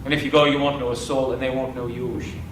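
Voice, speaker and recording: A man's voice: mid-range voice, level tone, fast, a little hiss or hum, natural voice. A male storyteller voicing a young fairy woman from a magic land under the sea, who speaks earnestly and pleads. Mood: pleading. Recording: roomy, distant live mic.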